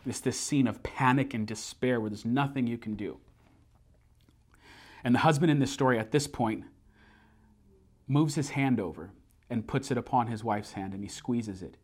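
A man preaching a sermon, earnest and building to emphatic repeated phrases, slowing down to recite a creed. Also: mid-range voice, breathy edge. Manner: slows down to recite a memorized creed. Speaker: pastor.

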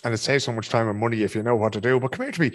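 A man hosting an interview, chatty and colloquial with quick interjections. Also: mid-range voice, no room sound. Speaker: podcast host. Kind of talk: casual interview chat.

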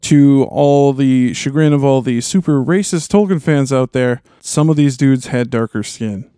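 A man with a Midwestern accent co-hosting a podcast in relaxed casual chat, leading the discussion. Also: medium pitch, a little slow, smooth, dry recording, studio quality. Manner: relaxed, chatty, leads the rundown. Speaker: podcast co-host.

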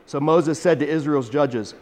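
A man's voice: on the high side, normal speed, darkish tone, big-room sound. A man teaching a Bible chapter verse by verse in a conversational, emphatic way, often restarting his phrases.

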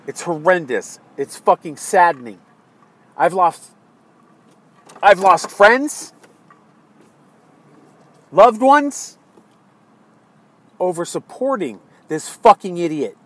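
An American man ranting angrily about politics, swearing constantly and swinging between low muttering and exasperated yelling. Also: animated, a little slow, dry recording. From United States. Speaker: political commentator. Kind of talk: angry political rant.

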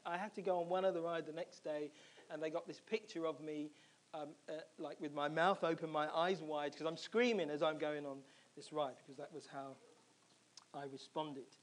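A man preaching a sermon, telling a personal story in a lively way and acting out his own reactions. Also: on the high side, moderate pace. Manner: animated storytelling, acts out his own screams and quotes. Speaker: pastor.

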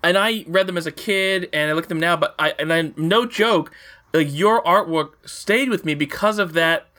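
An eager male host talks in quick, halting bursts. His voice is high and bright. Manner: excited, halting fan talk. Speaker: podcast host. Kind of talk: casual interview.

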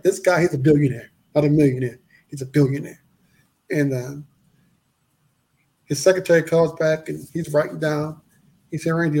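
A man telling his life story in a casual interview, animated and acting out the voices of the people in it. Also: fairly high pitch, vocal fry. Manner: animated, acts out quoted voices, repeats phrases.

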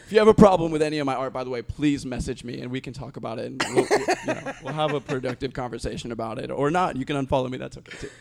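A man in casual conversation, telling a story with animated delivery, laughing and acting out the other people's lines. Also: mid-range voice, very fast, gravelly, few pauses, background noise. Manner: animated, laughs while telling, acts out quotes. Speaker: street artist guest.

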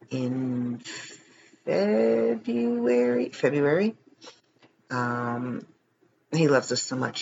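A podcast host chats casually late at night, sounding tired and rambling, with frequent chuckles and jokes at his own expense. His medium-pitched voice is a bit bright with vocal fry, captured in a muffled recording with slight hiss or hum.

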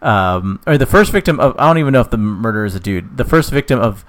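Young guy rambling thru a goofy story, laughs a lot, casual podcast chat, mid pitch. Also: expressive, fast. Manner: jokey, rambling, laughs often. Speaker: podcast co-host.

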